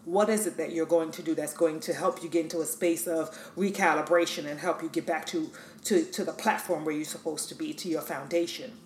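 A woman's voice: sits low, fairly even intonation, fairly quick, a little hiss or hum. A woman hosting a podcast, speaking emphatically and encouragingly straight to the listener. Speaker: podcast host. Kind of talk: motivational talk. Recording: echoey room.

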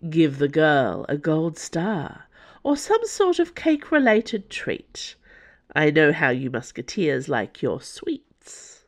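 The narrator voicing a sardonic alien lord who mocks his captors in a slow drawl. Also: mid-range voice, wildly swooping pitch, heavily acted. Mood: mocking. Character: shape-shifting alien lord, mocking and sly.

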